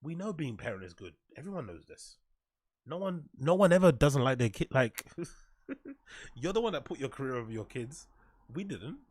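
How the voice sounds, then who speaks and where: A man of middle pitch talks loosely and sarcastically about posts he is reading, peppering his lines with swearing and quick laughs. His voice sits in a dry room with no echo, close and plain. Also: very animated, a little mellow. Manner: mocking, profane, often breaks into laughter. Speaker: show host. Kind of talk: casual commentary reacting to online posts.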